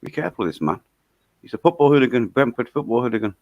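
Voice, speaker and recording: A man's voice: mid-range voice, lively intonation, rapid-fire, dry recording, muffled recording. A man in casual chat, blunt and sweary, laughing often.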